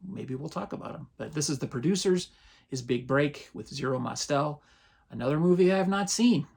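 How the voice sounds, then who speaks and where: A man, casually running through his latest movie purchases as a channel host, relaxed and rambling. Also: a little high, moderate pace, vocal fry, husky. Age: 50s. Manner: relaxed, rambling, chuckles often. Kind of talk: casual haul rundown.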